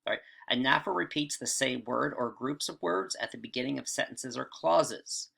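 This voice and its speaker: A man's voice: medium pitch, normal speed, gravelly, sharp tone, slightly rough. A man teaching writing in a casual video lesson, often checking in with "all right" and "right?".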